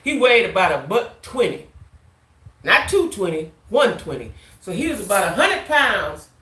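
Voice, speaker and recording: Bright-voiced woman telling a story. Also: mid-range voice, moderate pace, echoey room. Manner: animated, tags lines with "right?". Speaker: vlogger. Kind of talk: casual storytime monologue.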